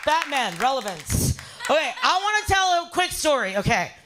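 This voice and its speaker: A woman doing a stand-up comedy set, brash and profane, telling a story with loud voiced asides. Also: high voice, sing-song, moderate pace, crowd noise, background noise. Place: live fundraiser show.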